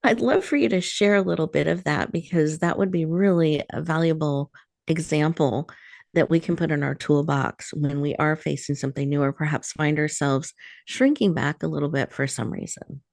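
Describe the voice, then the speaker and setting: Woman radio host, very low voice, dry studio sound, affirming. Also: steady tone, normal speed, vocal fry, dry recording. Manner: warm affirming, appreciative. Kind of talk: radio interview hosting.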